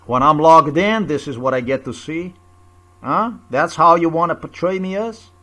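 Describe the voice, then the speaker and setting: Man, slightly high pitch, swearing, rhetorical questions, repetitive rant. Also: normal speed, sharp tone. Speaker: vlogger. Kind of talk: angry personal video rant.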